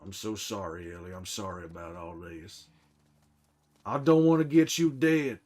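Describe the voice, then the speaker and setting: A man's voice: medium pitch, expressive, a little slow, fairly bright tone. A man playing a grizzled, hot-tempered survivor while commenting in character on his game, swearing a lot and scolding himself. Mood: bitter, remorseful. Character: grizzled middle-aged male survivor, protective and hot-tempered.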